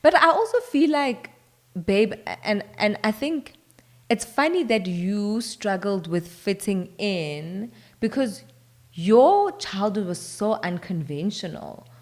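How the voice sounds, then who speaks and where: South African woman, lively co-host. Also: mid-range voice, takes it slowly. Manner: lively, laughs often, addresses viewers as "guys". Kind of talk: casual chat.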